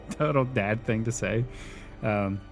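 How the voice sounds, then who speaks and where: A man's voice: medium pitch, slow, soft background music. A man hosting a casual podcast, retelling scenes from a TV episode and laughing often as he quotes the characters. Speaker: podcast host. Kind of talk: casual recap chat.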